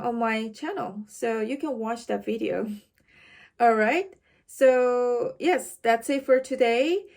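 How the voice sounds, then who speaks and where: A woman tutor teaching exam tips to camera in a clear, instructive way, checking in with her listeners often. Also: fairly high pitch, darkish tone. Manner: slow, clear, instructive, with tag questions. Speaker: IELTS tutor.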